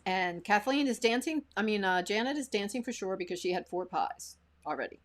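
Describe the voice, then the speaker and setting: A woman's voice: mid-range voice, lively intonation, a little fast. A woman co-hosting a live stream in casual chat, giggling often and reading out viewer comments. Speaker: co-host.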